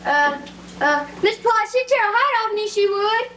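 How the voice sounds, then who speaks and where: A woman's voice: extremely high pitch, animated, normal speed, a bit bright, a little hiss or hum. A woman playing a timid, dutiful young servant in a stage play, speaking in a polite, nervous, folksy manner.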